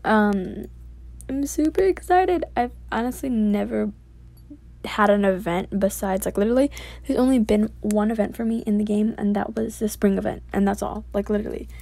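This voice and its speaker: Excitable gaming vlogger with a gravelly edge. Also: female voice, mid-range voice, fairly quick, no room sound. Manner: excitable, gushing, frequent exclamations; reads on-screen game text aloud. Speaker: gaming YouTuber. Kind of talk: casual gameplay commentary.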